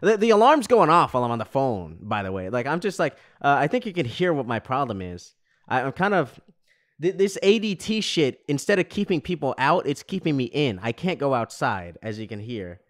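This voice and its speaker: A man's voice: medium pitch, big pitch swings, brisk. Profane, exasperated young man ranting. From New York. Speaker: podcast host. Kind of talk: ranting casual monologue.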